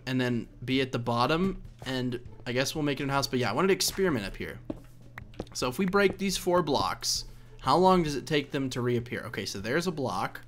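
A man's voice: medium pitch, fairly bright tone. Chatty young man narrating a game. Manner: chatty, rambling, laughs at himself, coaxes in-game characters. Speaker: let's play host. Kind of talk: casual gameplay commentary.

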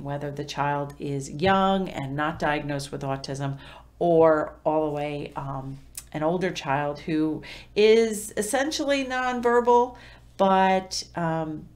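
A woman's voice: low-pitched, slow, a little mellow. A middle-aged woman giving parenting tips to camera in a conversational teaching style, with fillers and self-corrections.

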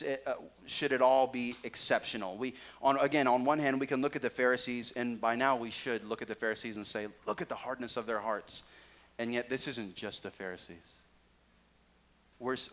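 A male pastor delivering a sermon, swinging between loud emphatic points and quiet low asides.

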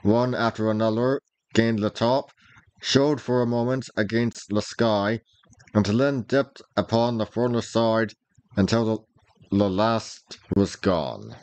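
A man narrating an old adventure novel, reading in a measured, deliberate manner. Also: lowish voice, steady tone, darkish tone, no room sound, rough recording. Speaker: reader, narrator. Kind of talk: storybook narration.

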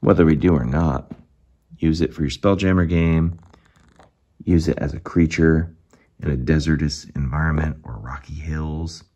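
Guy with a super deep husky voice gushing over minis, goes all quiet and hushed sometimes. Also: fairly even intonation, normal speed. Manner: enthusiastic, drops to hushed asides. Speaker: miniatures reviewer. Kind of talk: casual product review.

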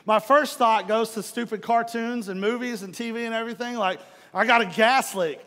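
High-voiced male pastor in a reverberant hall. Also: moderate pace. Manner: animated storytelling, acts out own frustration. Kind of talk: sermon with personal story. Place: church hall.

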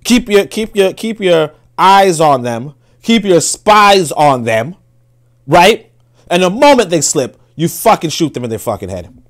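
A man's voice: a little high, sing-song, unhurried. A man giving casual commentary, emphatic and profane, who often repeats words as he gathers his thoughts. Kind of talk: casual commentary with read-aloud quotes.

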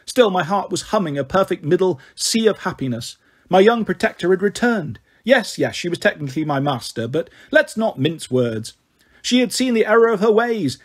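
A man narrating an audiobook with wry, dramatic flair. His voice is high-pitched and husky, with a breathy rasp. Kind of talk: first-person story reading.

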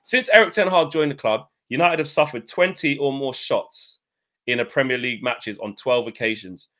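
A sarcastic man co-hosts a casual football chat, reading quotes out loud and swearing freely. His voice is bright and forward, his pitch middling. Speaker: podcast co-host.

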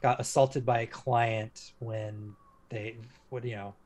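A man, a former police officer, speaking as an interview guest and telling a story in a casual, halting way, full of restarts and fillers. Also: medium pitch, level tone, darkish tone.

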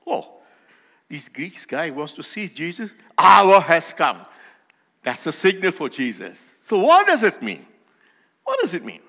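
A male pastor preaches slowly and deliberately, stressing key phrases as his volume builds. His slightly high voice swings lively in pitch, and a long reverb from the hall trails his words.

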